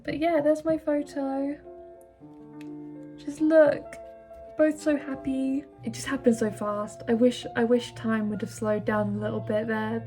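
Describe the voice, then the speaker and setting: A woman's voice: fairly high pitch, recorded from a distance. Gushing young woman vlogger. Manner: excited, gushing, many fillers. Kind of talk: casual chat. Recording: voice set back from the mic.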